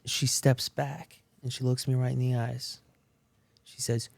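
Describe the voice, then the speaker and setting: A man's voice: mid-range voice, little pitch movement, unhurried, creaky, a little mellow, no echo. A man, a podcast guest, telling his own recovery story in a casual, slangy way, with many fillers and restarts.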